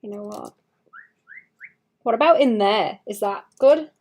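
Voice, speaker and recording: A young woman talks through her painting on a casual livestream, her voice sitting at an ordinary middle pitch. She thinks aloud as she works, trails off mid-sentence, restarts, and mutters little asides to herself. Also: a little slow, darkish tone, slightly rough. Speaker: streamer painting live.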